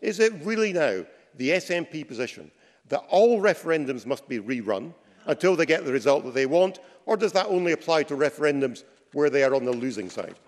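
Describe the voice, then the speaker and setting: A man with a slightly raised pitch questions a minister in a pointed, sarcastic debating style. His voice rings through a large chamber with a long reverb. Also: sing-song, a little fast. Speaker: opposition member of parliament. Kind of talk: parliamentary debate.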